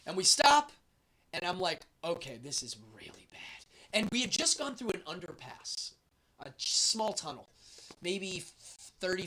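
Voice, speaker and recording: A man's voice: on the high side, sharp tone, slight background noise. A man hosting a show, telling a travel story in a casual, rambling way with many fillers.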